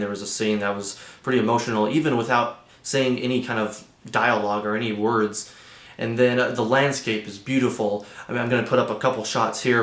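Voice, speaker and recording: A man's voice: mid-range voice, roomy sound. A young man hosting a casual movie review, chatty and loose with lots of fillers.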